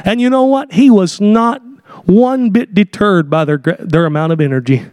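A man preaching a sermon, building from plain talk into fervent shouted lines. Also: high voice, moderate pace, no room sound, clean studio sound. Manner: impassioned, rising to shouts.

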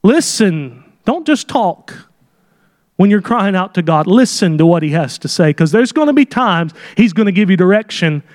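High-voiced fervent male preacher. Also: very animated, normal speed, darkish tone. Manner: fervent, acts out quoted prayers; folksy asides. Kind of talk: sermon.

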